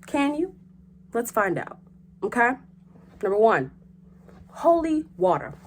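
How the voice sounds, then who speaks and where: A young woman hosting a vlog in casual chat, animated and joking, with frequent swearing. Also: on the high side, slow. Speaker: host.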